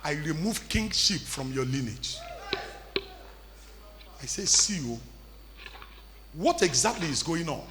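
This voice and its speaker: A man preaching a sermon, emphatic, repeating lines and building to shouts, in an echoey church hall with faint music. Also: a little high, animated, slow pace, pauses often, noisy background. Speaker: pastor.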